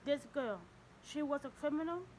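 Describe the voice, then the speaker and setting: A woman's voice: high-pitched, normal speed, noisy background, natural voice. A woman reading the part of a stern, elderly male Russian priest who speaks tersely and formally in an audiobook. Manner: terse, formal, ignores questions.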